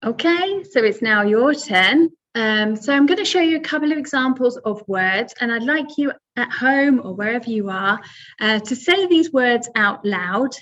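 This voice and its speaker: A woman's voice: on the high side, lively intonation, moderate pace, fairly bright tone, dull audio. A woman teaching English pronunciation in a webinar, patient and step by step, with many fillers. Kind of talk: webinar lesson.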